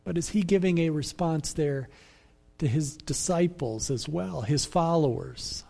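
A man preaching a sermon as pastor, in a measured, reflective way that repeats phrases for emphasis. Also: a little high, gravelly, a little mellow.

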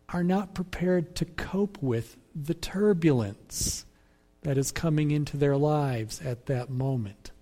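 A man preaching a sermon as pastor, in a measured, reflective way that repeats phrases for emphasis. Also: sits high, dark tone.

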